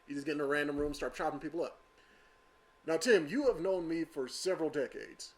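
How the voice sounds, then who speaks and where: A middle-aged man co-hosting a podcast, chatting casually and enunciating crisply. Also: fairly high pitch, a little fast. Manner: crisp enunciation, plain talk. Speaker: podcast co-host.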